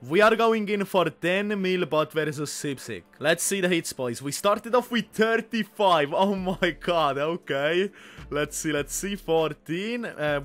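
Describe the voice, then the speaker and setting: A man giving excitable live gameplay commentary, swearing often and calling his viewers boys. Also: high voice. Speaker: gaming youtuber.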